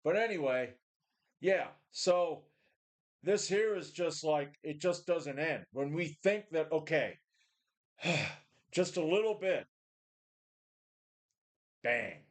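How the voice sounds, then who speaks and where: A man's voice: a little high, animated, takes it slowly, pauses often. A man in his forties talking casually to his webcam from a home gym, blunt and profane, often sighing and restarting. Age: 40s. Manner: blunt, profane, weary, full of sighs and restarts. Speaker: vlogger. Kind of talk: casual rambling talk to a webcam.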